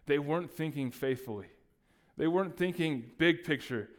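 A man's voice: on the high side, moderate pace. A man preaching a sermon, acting out the disciples' lines as he retells the story. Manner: animated, acts out the disciples' voices. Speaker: pastor.

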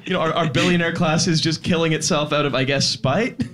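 A man's voice: a little high, steady tone, fairly quick, a bit bright. A man co-hosting a live podcast, rambling and laughing through stumbling restarts. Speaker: podcast co-host. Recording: live audience crowd.

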